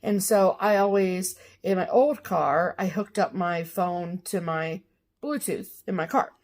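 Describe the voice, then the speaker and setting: A woman's voice: fairly low pitch, unhurried, a little mellow. A woman co-hosting a casual chat show, telling a long rambling story full of fillers and asides. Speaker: co-host of a cross-stitch show.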